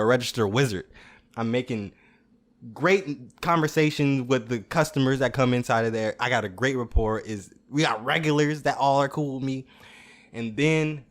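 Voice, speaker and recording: A young adult man hosting a show, telling comedic stories in a casual, animated way, swearing freely. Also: medium pitch. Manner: animated, swearing, laughing at his own stories. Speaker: podcast host.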